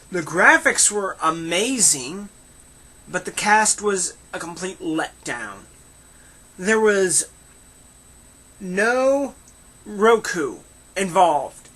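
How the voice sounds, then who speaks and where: A casual film reviewer giving opinionated, animated thoughts with mocking asides. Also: mid-range voice.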